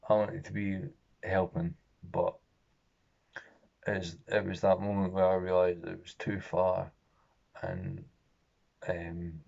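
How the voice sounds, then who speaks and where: Deep, flat, gravelly young man. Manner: halting, profane, emotionally raw. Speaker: vlogger. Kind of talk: emotional personal storytelling. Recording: dull lo-fi recording.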